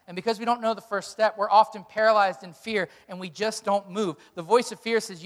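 A man's voice: high-pitched, steady tone, a little fast, hardly any pauses, in a large hall. A male pastor preaching a sermon, emphatic, with repeated rhetorical questions.

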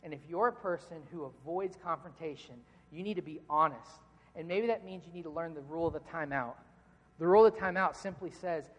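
A man's voice: a little high, brisk. A man preaching a sermon in a conversational, joking way, often repeating words as he starts a phrase. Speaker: pastor. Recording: long reverb from a large hall.

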